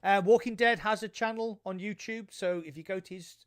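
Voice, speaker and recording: A man co-hosting a casual podcast, excitable and jokey. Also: sits high, fairly quick, dry recording, clean studio sound. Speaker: podcast co-host.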